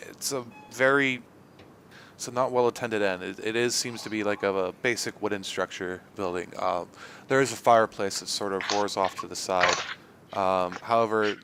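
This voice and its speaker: A man's voice: fairly low pitch, fairly even intonation, moderate pace, background noise. Rambling male game master. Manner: rambling, many fillers and restarts. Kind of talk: narrating a tabletop game.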